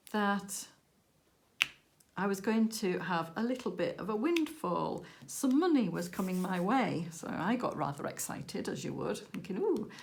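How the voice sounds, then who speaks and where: Woman, crafting vlog host, casual storyteller with animated quoted dialogue. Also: medium pitch, gravelly, slight background noise. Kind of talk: casual chat while crafting.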